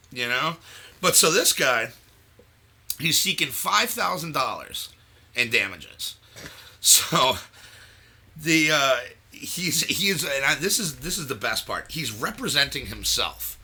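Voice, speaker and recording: Guy hosting a podcast, super animated, bright voice, laughs a lot. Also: a little high, takes it slowly, breathy edge. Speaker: podcast host. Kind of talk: casual podcast chat.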